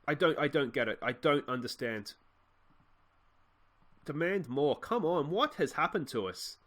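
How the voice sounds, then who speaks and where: A young Australian let's play host commentates his football management game, rambling and frustrated, with many restarts. He speaks at a measured pace in a fairly high, fairly bright voice with lively intonation.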